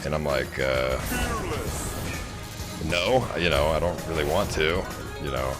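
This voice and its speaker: Very low-voiced exasperated male streamer. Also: unhurried, music in the background. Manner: exasperated, rambling, full of fillers and restarts. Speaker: livestreamer. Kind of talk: casual storytelling to chat.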